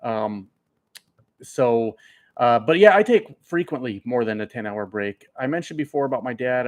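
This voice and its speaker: A man who drives trucks chatting casually with viewers, rambling and swearing, a bit tipsy from beers. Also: medium pitch. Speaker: trucker streamer. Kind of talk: casual live chat answering viewers.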